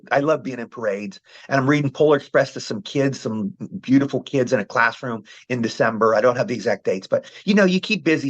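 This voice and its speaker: A man, telling rambling anecdotes as the guest of a casual interview. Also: mid-range voice. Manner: rambling storyteller, frequent "you know". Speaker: actor guest. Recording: muffled, lo-fi call audio.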